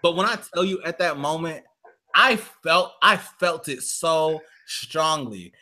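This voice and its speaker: A man co-hosting a live radio talk show speaks slowly in a fairly high-pitched voice. Loud and profane, he tells a comedic story, acting out the quotes himself in shifting voices.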